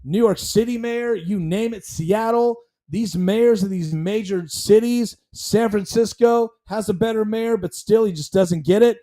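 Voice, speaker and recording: A man hosts his own commentary show, talking at a desk mic in a blunt, heated way. His voice sits a little high yet sounds dark and mellow. He rambles, restarts sentences and fills gaps with ums. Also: measured pace, few pauses. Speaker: show host. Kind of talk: casual commentary stream.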